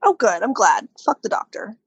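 A woman's voice: mid-range voice, sing-song, normal speed, breathy edge, no room sound, highs cut off. A woman co-hosting a podcast, teasing and joking in casual chat. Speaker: podcast co-host.

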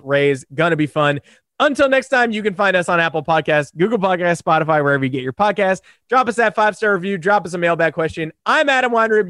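A man co-hosting a sports podcast, hoarse and animated, talking in a sarcastic, rambling way. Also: high voice, dry recording, clean studio sound. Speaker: podcast co-host. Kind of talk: casual sports podcast chat.

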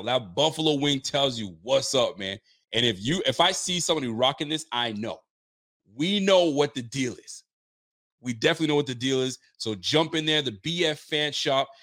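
A sports fan streamer from Nova Scotia, Canada, chats casually with his viewers on a livestream. His voice sits at a medium pitch with a sharp edge, and he's hyped and loose, repeating himself as he goes.

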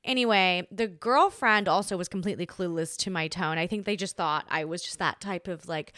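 A young woman tells a story on her podcast, chatty and animated, acting out the voices of the people she quotes. Her voice is smooth and clear, and the recording is very dry and close. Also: medium pitch, moderate pace, dry recording. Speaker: podcast host. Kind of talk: casual storytelling monologue.

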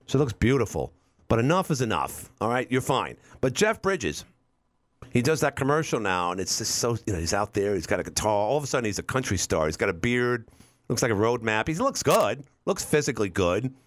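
Rambling wryly and circling back on his own words, a talk radio host in his fifties delivers a casual monologue into a studio mic. His medium-pitched voice swings widely in pitch at a fairly quick pace, and the recording is dry.

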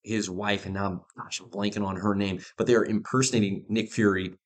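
A man co-hosting a casual podcast, talking about shows in an emphatic, animated way. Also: on the low side, brisk. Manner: emphatic and animated, stresses words for effect. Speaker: podcast co-host.

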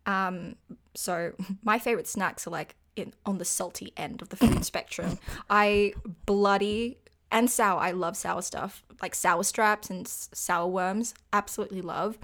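A woman's voice: mid-range voice, fairly even intonation, unhurried, fairly bright tone. Young aussie woman, chatty and giggly, pokes fun at herself. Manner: giggly, chatty, self-deprecating. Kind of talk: casual chat.

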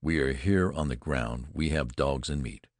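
A man's voice: very deep voice, normal speed, no room sound, clean studio sound. A man reading a level-headed veteran plainsman hunter who calls out firm commands. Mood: steady.

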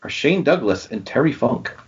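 Husky and medium in pitch, the man keeps a moderate pace as he hosts a casual podcast quiz about wrestling. He's lively while reading the questions, names and answers aloud. The sound quality is dull and lo-fi.

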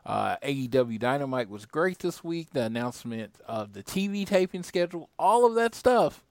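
A man's voice: medium pitch, big pitch swings, moderate pace, a little mellow, dry recording. A man hosting a podcast, talking in a loose, rambling, conversational way. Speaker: podcast host. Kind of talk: casual podcast chat.

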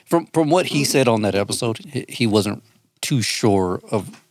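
A man in his thirties co-hosts a podcast, chatting casually and profanely, laughing and restarting his sentences. His voice is on the low side and expressive, at a measured pace. The studio sound is clean with no echo.

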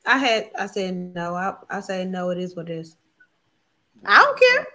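A woman's voice: on the low side, wildly swooping pitch, normal speed, sharp tone, a little hiss or hum. A woman on a podcast panel, chatting playfully and laughing with the hosts. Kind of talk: casual podcast chat.

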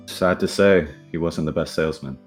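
A man playing a tabletop game in character, talking in a calm, earnest way over faint guitar music. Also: low voice, normal speed. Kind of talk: in-character roleplay.

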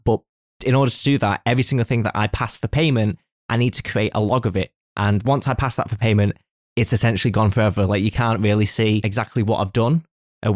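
A man's voice: on the low side, no echo, studio quality. A man chatting casually, teasing and telling a long story about his office work. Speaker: office worker. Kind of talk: casual chat.

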